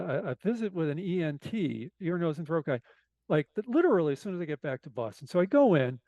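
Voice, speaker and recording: A man whose voice sounds naturally hoarse tells a rambling, self-deprecating story with lots of asides. His pitch sits a touch high for a man. The recording is dry and close. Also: dark tone, dry recording. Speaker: podcast guest. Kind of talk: casual storytelling.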